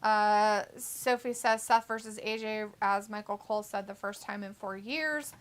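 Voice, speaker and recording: A woman's voice: mid-range voice, fairly even intonation, a little slow. A woman co-hosting a wrestling watch-along live stream in casual chat, reading viewer comments aloud and reacting to them. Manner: chatty, reads chat messages then reacts.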